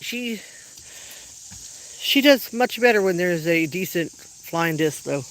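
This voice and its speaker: A dog owner chatting casually on a livestream from an outdoor backyard, rambling and now and then shouting to call the dogs. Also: medium pitch, lively intonation, slow pace, creaky, pauses often, rough recording.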